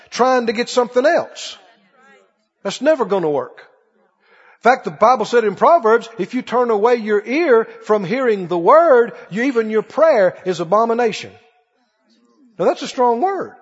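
A man with an extremely high, breathy voice preaches a sermon with passion, acting out pleading prayers and quoting lines of scripture. The sound is dull, in a reverberant hall.

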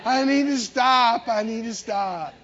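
A man's voice: extremely high pitch, unhurried, dull audio, crowd noise. A man putting on the voice of an impatient child who whines and nags on a car trip. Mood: whiny. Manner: whiny, nagging.

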